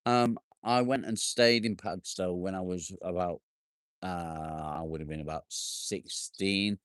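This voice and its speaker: A man's voice: low-pitched, steady tone, measured pace, clean tone, no echo, clean studio sound. A man hosting a casual live stream outdoors in his garden, bantering with viewers, joking, and swearing now and then. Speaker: livestream host.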